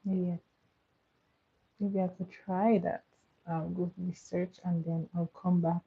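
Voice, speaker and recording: A woman hosts a relaxed live stream and answers her viewers' comments, laughing often. She talks slowly in a husky voice. The sound is thin and tinny, like a phone call. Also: fairly low pitch. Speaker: livestream host. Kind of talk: casual live-stream chat.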